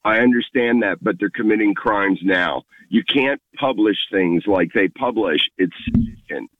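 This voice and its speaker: Male radio caller, very deep voice, earnest and insistent, phone-line sound. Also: normal speed, no room sound.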